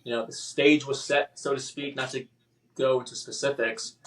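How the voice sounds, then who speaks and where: Halting, emotional man, a little off-mic. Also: mid-range voice, steady tone, a bit bright, recorded from a distance. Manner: halting, emotional, with many restarts and fillers. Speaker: podcast guest. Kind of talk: personal story in a podcast interview.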